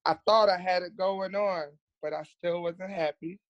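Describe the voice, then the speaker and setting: A woman's voice: lowish voice, fairly even intonation, moderate pace, dry recording, muffled recording. Candid woman retelling a hard story. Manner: earnest, repeats words for emphasis. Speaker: podcast guest, nurse.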